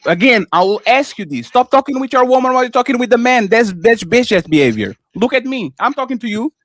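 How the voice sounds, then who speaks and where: Combative high-voiced man, non-native English. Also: sing-song, quick pace, fairly bright tone, dry recording, clean studio sound. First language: not English. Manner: combative, repeats "sir" and "stop being emotional" to cut in. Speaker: co-host. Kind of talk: heated live panel argument.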